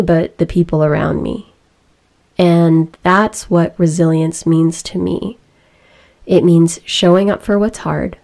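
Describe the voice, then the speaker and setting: A young adult woman giving a reflective, emotional personal talk, earnest and deliberate. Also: low voice, darkish tone.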